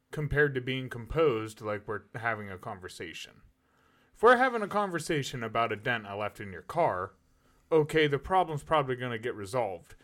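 Animated man arguing his point. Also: medium pitch. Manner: argumentative, explains at length. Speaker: podcast co-host. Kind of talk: casual chat.

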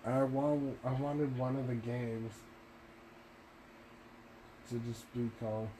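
A man's voice: medium pitch, fairly even intonation, slow, noisy background. A young man at home giving casual, profane commentary, ranting with laughs and exasperation. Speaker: video commentator. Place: home room.

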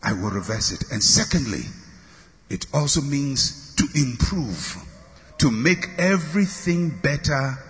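A man preaching a sermon, leading the congregation in call-and-response with emphatic, repeated declarations that build to shouts. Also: mid-range voice, expressive, a little slow, long reverb tail.

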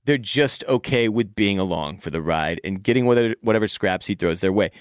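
Opinionated male podcast host, smooth voice. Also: on the low side, a little fast, no echo, studio quality. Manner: opinionated, animated, talks over his partner. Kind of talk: casual chat.

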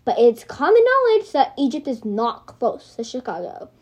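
A whiny, ever-hungry young tomcat from a storybook, as a woman reads him out. He sounds puzzled and whining, his voice set a little high. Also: very animated, moderate pace, darkish tone, breathy edge, lo-fi sound, full character voice.

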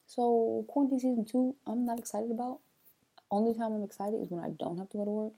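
Young woman, solo podcast host, mellow husky voice, loose playful chat, a bit sleepy. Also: on the high side, fairly even intonation, fairly quick. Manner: chatty, loose, playful asides. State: sleepy, early morning.

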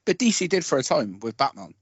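A man's voice: medium pitch, fast talker, husky, dry recording, lo-fi sound. Rambling opinionated man on a podcast. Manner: rambling, self-correcting, animated opinions. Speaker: podcast co-host. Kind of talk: casual film podcast chat.

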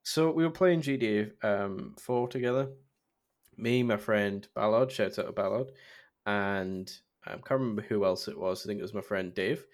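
A man's voice: fairly low pitch, moderate pace. A young man co-hosting a podcast over an online call, telling anecdotes with frequent "um"s and a tendency to giggle. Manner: giggly anecdote teller, trails off with "um". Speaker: podcast co-host. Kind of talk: casual storytelling chat.

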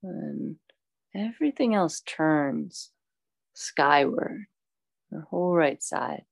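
A woman teaching a yoga class, calmly cueing poses and breaths with chatty asides. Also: low voice, takes it slowly, gravelly, no echo. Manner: calm, instructive, chatty asides.

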